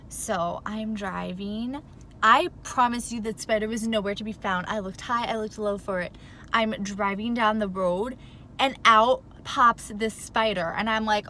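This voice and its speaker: A flustered woman rambles through a casual storytime vlog from her car, her voice bright and a little sharp. She is still worked up and fills every pause with "like." A faint background hum sits under her talk. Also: mid-range voice. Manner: animated, rambling, says "like" a lot. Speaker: vlogger.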